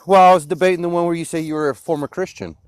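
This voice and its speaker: A man preaching insistently in an online debate, his voice sitting fairly high for a man. The sound is close and dry, with no room around him. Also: steady tone, racing, clear, resonant tone, no room sound. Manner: insistent and preachy, rising to loud outbursts. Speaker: Christian caller in a debate. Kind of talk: heated live-stream debate.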